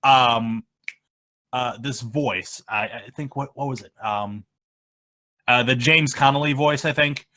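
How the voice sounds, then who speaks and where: A man being interviewed about his machinima videos, talking in a rambling, halting way that trails off mid-sentence. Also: mid-range voice, sharp tone. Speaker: machinima creator, interview guest. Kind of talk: casual interview chat.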